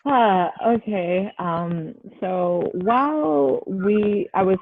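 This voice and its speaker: A young woman, a wrestler guest in an interview, telling a story in an animated way and acting out what people said. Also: mid-range voice, very slow. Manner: animated, acts out quoted dialogue. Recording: tinny phone-like line.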